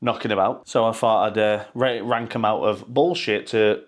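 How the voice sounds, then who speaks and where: A man's voice: lowish voice, fairly even intonation, normal speed. A man ranting sarcastically and swearing freely in a football fan vlog. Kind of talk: pre-match fan vlog rant.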